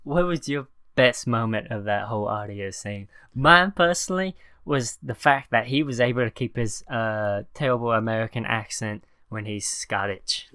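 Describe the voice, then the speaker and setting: A man co-hosting a casual video chat, upbeat and quick to prompt his partner. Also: medium pitch, pushed and bright, clean tone, dry recording, clean studio sound. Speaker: co-host.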